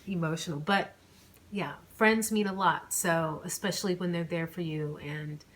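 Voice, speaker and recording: A woman's voice: on the low side, a bit bright, slight background noise. A woman author reading her own novel aloud and chatting between chapters in an emotional, rambling way, recorded on a home microphone. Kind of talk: audiobook narration and chatty aside.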